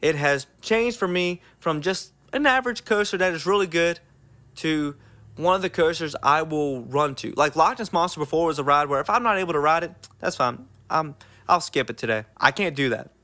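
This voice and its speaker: A man's voice: on the high side, expressive, moderate pace, pushed and bright. A young man giving an enthusiastic, casual theme park ride review, full of "like" fillers.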